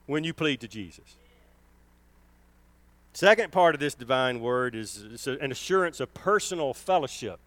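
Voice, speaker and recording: A man preaching a sermon, emphatic, swelling and slowing down on key words. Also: medium pitch, expressive, a bit bright, no room sound.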